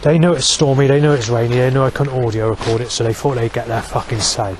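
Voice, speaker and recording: A man's voice: medium pitch, fairly even intonation, quick pace, crowd noise. Rambling, sweary man. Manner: rambling and heavily sweary, with many fillers and restarts. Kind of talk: rambling monologue vlog.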